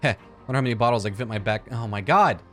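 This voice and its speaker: Low-voiced man joking through a game. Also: steady tone, very fast, soft background music. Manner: joking, swears, thinks aloud. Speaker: let's play gamer. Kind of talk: casual gameplay commentary.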